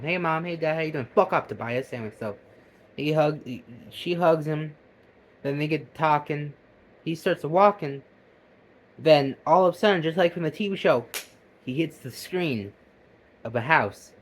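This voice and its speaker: A man talks through a video he has just watched, cursing freely and jumping between loud excited bursts and quiet mutters. His voice sits a bit higher than most men's. He sounds keyed up and talks in a casual, rambling way. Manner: animated, profane, jumps between loud outbursts and mutters. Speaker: video reactor.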